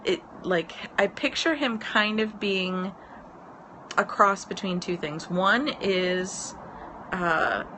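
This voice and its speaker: A woman's voice: mid-range voice, bright, forceful tone, rough recording. A woman in her thirties, a business mentor, chatting casually on a live stream from her porch, rambling with lots of ums and easy laughs. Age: 30s. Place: outdoor porch. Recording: outdoor porch with road noise. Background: road noise.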